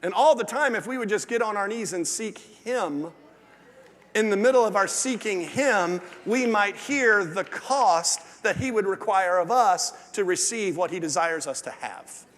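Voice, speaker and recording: Casting: pastor, high-pitched voice, sermon in a reverberant sanctuary. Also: male voice, a little slow. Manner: swings from lively and loud to low and hushed. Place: large church sanctuary. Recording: long hall reverb.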